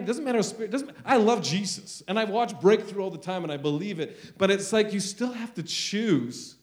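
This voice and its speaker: A middle-aged man preaching a sermon, intense and earnest, moving between quiet confessions and loud declarations. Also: high-pitched. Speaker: pastor.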